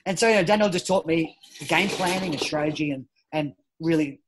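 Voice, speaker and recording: Against a noisy background, a man with a fairly high voice talks fairly quickly. As a guest on a podcast, this judo coach, former Olympian, and at-home parent tells energetic, casual stories and restarts often.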